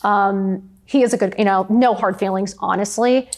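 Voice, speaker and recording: A woman's voice: medium pitch, steady tone, normal speed, darkish tone. A woman in her fifties, a podcast guest, telling stories in a chatty, emphatic way with lots of "like". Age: 50s. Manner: chatty, emphatic storyteller, frequent "like". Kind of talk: candid conversational interview.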